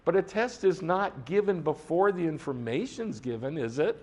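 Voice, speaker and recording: A middle-aged man preaching a sermon with a lively, swooping voice. He talks conversationally, stops to ask the listeners questions, and slips into recited Hebrew prayer lines. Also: on the high side, normal speed. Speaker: congregation teacher.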